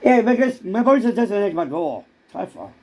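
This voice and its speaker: A man's voice: high-pitched, animated, a little fast, darkish tone. A man in a rambling comic monologue who stammers and keeps repeating words.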